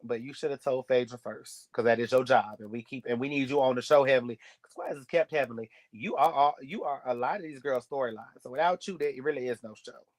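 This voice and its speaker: A man's voice: mid-range voice, fairly quick, few pauses. A man giving a sassy, blunt, gossipy recap of a reality show episode. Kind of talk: casual recap commentary.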